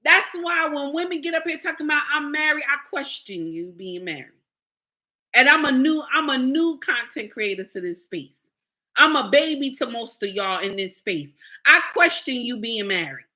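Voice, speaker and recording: A woman's voice: high-pitched, very animated, normal speed, bright, forceful tone. A middle-aged woman content creator, lecturing and scolding her viewers in a blunt, preachy commentary. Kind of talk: livestream commentary rant.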